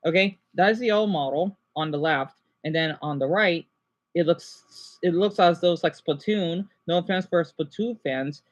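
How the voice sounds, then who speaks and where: A man's voice: a little high, moderate pace. Rambling young man vlogging. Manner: rambling, self-interrupting, animated complaints. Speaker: gaming vlogger. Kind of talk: casual commentary while drawing a chart.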